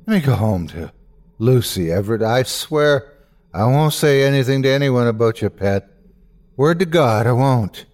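A terrified captive man, frantic and shaky, crying out as he begs to be let go, as a male narrator puts him on. His pitch shoots up and swings widely in this spoken horror story. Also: expressive, normal speed, a little mellow, natural voice. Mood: begging. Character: terrified bound man begging for his life.

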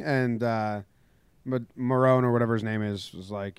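A man co-hosting a podcast, retelling a baseball dispute in casual chat and acting out the shouting. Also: mid-range voice, moderate pace, clear, resonant tone, dry recording. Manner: animated storytelling, acts out shouted quotes. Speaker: podcast co-host.

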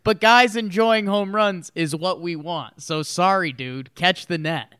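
Bright-voiced man chatting baseball. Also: sits high, measured pace, smooth, no echo, clean studio sound. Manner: chatty, laughs between lines, restarts often. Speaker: podcast co-host. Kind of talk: casual sports chat.

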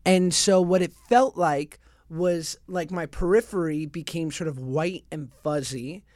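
A man's voice: fairly high pitch, unhurried, a little mellow, dry recording, studio quality. Candid man telling a story. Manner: candid storyteller, many fillers. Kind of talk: casual chat.

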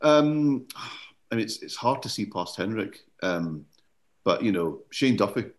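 Scottish comedian guy w a bit of an english edge, storytelling, quick asides. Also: fairly low pitch, very animated. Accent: slightly English-tinged Scottish. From Scotland. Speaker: comedian guest. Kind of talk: casual podcast chat.

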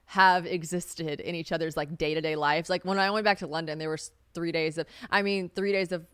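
A woman's voice: steady tone, a little fast, fairly bright tone, clear, resonant tone, no room sound, studio quality. A young woman hosting a casual solo podcast, chatty and swearing freely, often acting out what others said. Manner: chatty, swearing, laughs, acts out quotes in a high voice. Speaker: podcast host.

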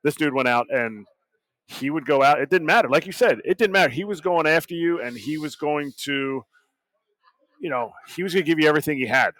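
A man's voice: fairly high pitch, brisk, a bit bright, no echo. A man co-hosting a sports podcast, giving an earnest, thoughtful take. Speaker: podcast co-host. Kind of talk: casual sports chat.

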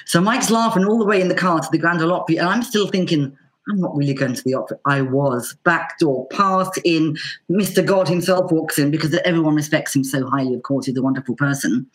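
A middle-aged Irish woman, a banjo player, telling a casual anecdote in a lively way, acting out the voices she quotes. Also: low voice, brisk. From Ireland. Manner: lively, acts out quoted voices with lots of fillers. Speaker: banjo player and teacher guest.

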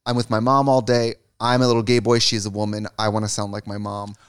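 A man co-hosting a casual comedy podcast, campy and jokey, often swooping into silly high voices. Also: flat delivery, quick pace, smooth, no echo, clean studio sound. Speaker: podcast co-host.

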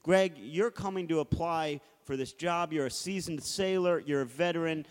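A man's voice: a little high, normal speed, clear, resonant tone. Man hosting a comedy podcast. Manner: bossy, sets up improv sketches. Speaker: podcast host. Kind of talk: casual comedy podcast chat. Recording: reverberant room.

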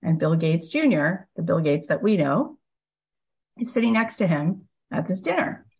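A woman with a notably low voice hosts a podcast and tells a story in a loose, conversational way. She retells events with lively energy and leans on "like" as a filler between thoughts. The tone stays casual and unscripted throughout. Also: moderate pace, gravelly, husky, rough recording. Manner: animated retelling, frequent "like" fillers. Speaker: podcast host and coach.

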